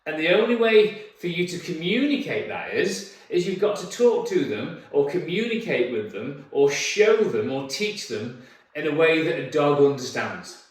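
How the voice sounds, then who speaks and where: Male dog trainer, emphatic teaching tone, fairly high voice, heard from a distance in a very echoey room. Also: sing-song, moderate pace. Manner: emphatic, repetitive, coaxing sing-song praise to the dog. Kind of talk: instructional talk to camera.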